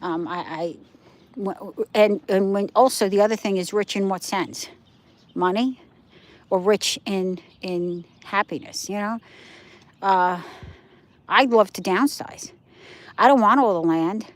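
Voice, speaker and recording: A woman's voice: medium pitch, unhurried, pauses often. An older woman hosting a casual livestream, rambling chattily as she answers viewers' comments, recorded outdoors. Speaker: livestream host. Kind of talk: casual live-stream chat.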